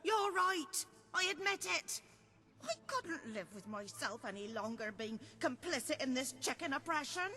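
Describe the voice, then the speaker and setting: A woman's voice: high voice, big pitch swings, normal speed, pushed and bright, full character voice. An actress playing an idealistic woman who frees chickens, earnest and pleading.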